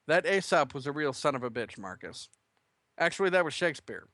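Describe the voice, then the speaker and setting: A man's voice: fairly high pitch, sing-song, brisk, a bit bright, no room sound. A man voicing a weary farm mother who makes dry, sarcastic jabs at her husband. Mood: sardonic.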